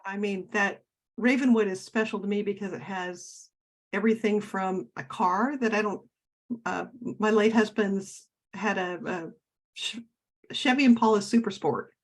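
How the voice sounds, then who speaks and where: A woman's voice: mid-range voice, normal speed. A woman from Oregon, a guest author talking casually in an interview over a video call, chatty and reminiscing with many fillers and restarts.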